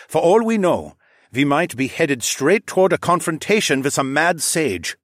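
A man voicing a cautious adventuring companion who speaks in measured warnings, in a read-aloud story. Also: a little high, expressive, dry recording, clean studio sound, voice pushed up.

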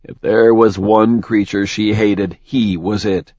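A man narrating a dark fantasy novel in a measured, even reading. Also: fairly low pitch, no room sound, lo-fi sound. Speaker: audiobook narrator.

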